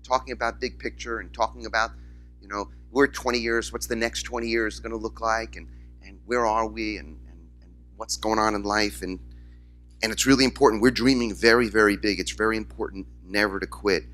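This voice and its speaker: A man's voice: lowish voice, a little fast, soft background music. A man, a rabbi, giving a conference keynote, telling stories and acting out the voices of the people in them. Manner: storytelling, animated, acts out quoted voices. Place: conference hall, in front of audience.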